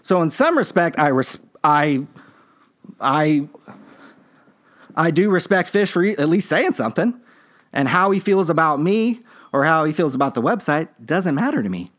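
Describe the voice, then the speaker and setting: A man's voice: a little high, animated, normal speed, fairly bright tone. Laid-back man rambling through a story. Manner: rambling, laid-back, many fillers and restarts. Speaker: podcast host. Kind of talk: casual storytelling monologue.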